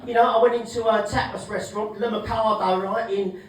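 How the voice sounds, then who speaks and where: A man doing a stand-up comedy set, brash and sweary, shouting his punchlines. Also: high-pitched, fairly even intonation, a little fast, very echoey, far from the mic, slight background noise, poor audio. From England. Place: comedy club stage.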